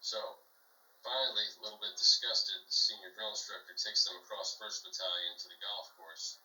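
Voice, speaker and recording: Low-voiced man, rambling joke teller, bright tone, echoey room far from the mic. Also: steady tone, normal speed. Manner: rambling storyteller with fillers. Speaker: podcast guest or co-host. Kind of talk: casual joke telling. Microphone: video call.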